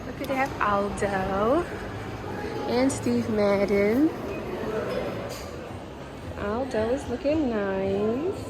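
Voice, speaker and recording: A woman talking casually to her phone camera in a vlog, excitable and chatty, full of fillers. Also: fairly high pitch, very slow, pauses often. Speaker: vlogger. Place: outdoors, then a station café and shops. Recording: outdoor noise behind the voice.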